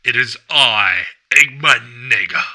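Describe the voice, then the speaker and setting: A man voicing a gloating villain, a robot pirate captain who taunts his foes in a drawn-out way. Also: expressive, pushed and bright, heavily acted. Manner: slow, booming, taunting.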